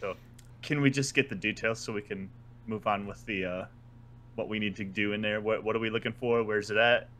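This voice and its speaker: A man's voice: lowish voice, steady tone, brisk, fairly bright tone. A man playing a character in a tabletop game, blunt and matter-of-fact. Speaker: player. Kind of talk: casual in-character tabletop play.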